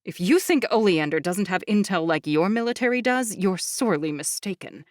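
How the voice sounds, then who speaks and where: A woman voicing a bold, sharp-tongued young woman in an audiobook, speaking bluntly. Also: mid-range voice, expressive, normal speed, no room sound, clean studio sound, lightly acted. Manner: blunt, growling.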